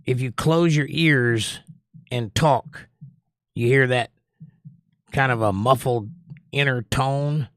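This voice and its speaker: Slow and pausing often, a livestream host with a faint Georgia accent reads viewers' comments aloud in a lifted voice, then talks them through analytically in casual chat. His mid-pitched voice sounds dry and close, with no echo or room around it.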